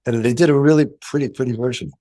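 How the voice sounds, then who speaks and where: A man's voice: medium pitch, fast talker, warm tone. An older man, a guitarist guest, telling anecdotes in an interview, acting out quoted dialogue and laughing often. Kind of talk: storytelling interview.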